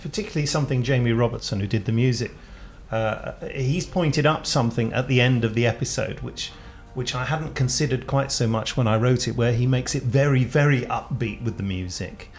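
A man's voice: mid-range voice, fairly quick, few pauses. Chatty Englishman with a cold. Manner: chatty, self-mocking, laughs often. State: has a cold, sniffing. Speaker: podcast host. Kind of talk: casual chat. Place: home recording, trains audible outside.

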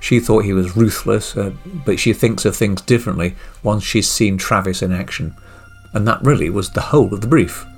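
A man's voice: on the low side, moderate pace, husky, soft background music. A man, a producer and script editor, explaining how an audio drama came about. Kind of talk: behind-the-scenes interview.

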